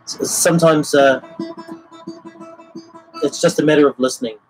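Male guitar teacher for a livestreamed lesson: a casual explainer, slightly high voice, with faint guitar playing under his speech. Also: fairly even intonation, moderate pace, low-quality recording. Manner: casual explaining, sings rhythms as syllables.

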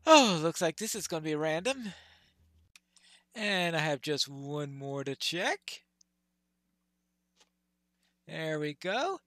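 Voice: mid-range voice, very animated, slow, long pauses, fairly bright tone, no echo, studio quality. A game player giving chatty commentary over a fantasy game, laughing at stumbles over hard names. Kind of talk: let's play commentary.

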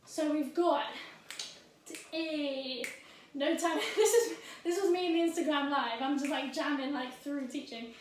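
Woman, high voice, dance teacher, out of breath, scats the beat, echoey room, far from the mic. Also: a little slow, a little mellow, a little hiss or hum. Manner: scats the rhythm with syllables, frequent "yeah?" checks. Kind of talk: dance tutorial with counting and rhythm vocalizing.

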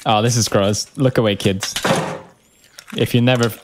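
A man's voice: mid-range voice, steady tone, moderate pace, slight background noise. A man streaming his reaction to a film, joking and swearing through a casual running commentary, with film music playing behind him. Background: film music and sounds.

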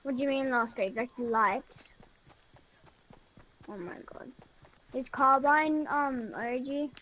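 High, excitable female gamer chattering. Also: muffled recording. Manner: excitable, rambling, quick to laugh and gasp. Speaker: gameplay commentator. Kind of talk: casual let's-play chatter. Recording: noisy background with clicking.

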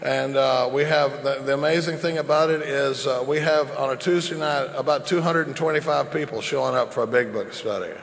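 A man's voice: medium pitch, fairly even intonation, a little fast, vocal fry, few pauses, reverberant, in a large hall, low-quality recording. A man in his fifties giving a folksy, rambling recovery talk with jokes to a large convention crowd. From Dallas, Texas. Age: 50s. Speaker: recovery meeting speaker.

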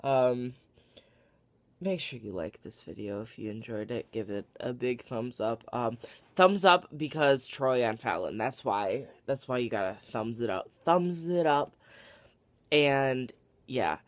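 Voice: mid-range voice, expressive, measured pace, dry recording. Gushing, emotional young vlogger, dry sound. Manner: gushing and emotional, rambling with many fillers and restarts. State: tired and worked up. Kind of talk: casual late-night vlog to camera.

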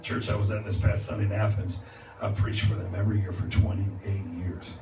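A man preaching a revival sermon as a guest speaker, moving from calm teaching to loud, laughing exclamations. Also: fairly low pitch, fairly quick, creaky. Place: church sanctuary. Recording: echoey church, distant mic, noisy. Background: congregation responding.

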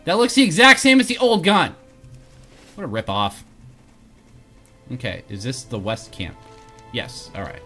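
A man's voice: medium pitch, wildly swooping pitch, unhurried, long pauses, sharp tone, faint music behind. A man hosting a game let's play, reading quest text aloud and joking about himself. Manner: playful, jokey, laughs at himself. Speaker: host.

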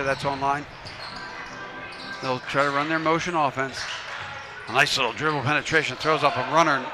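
A man doing play-by-play commentary for a high school basketball game. He calls quick plays and adds coaching asides. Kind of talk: local sports commentary. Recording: noisy gym ambience. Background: game crowd and ball bounces.

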